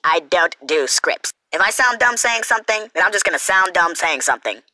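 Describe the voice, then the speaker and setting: Young woman reaction host; fast, rambling, self-correcting, dry sound. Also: lowish voice, lively intonation, sharp tone, dry recording, low-quality recording. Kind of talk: unscripted response commentary.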